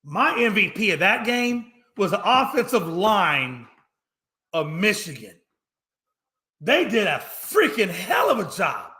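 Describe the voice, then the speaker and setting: A man co-hosting a casual sports talk show, his voice high for a man and sharply bright. He rants with animated energy, swears freely and hammers his points home by repeating them. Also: slow pace. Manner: animated, profane, repeats himself for emphasis.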